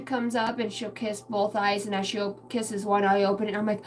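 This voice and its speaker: A woman's voice: mid-range voice, fast talker, few pauses. Rambling, foul-mouthed young woman streamer. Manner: rambling, swears a lot, animated. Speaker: livestream psychic reader. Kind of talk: casual livestream chat. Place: home.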